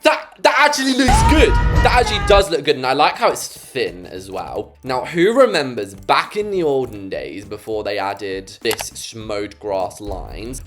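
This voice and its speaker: Lively chatty English young man. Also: lowish voice. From England. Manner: chatty, jokey, playfully dramatic. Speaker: game building vlogger. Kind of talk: casual gameplay commentary.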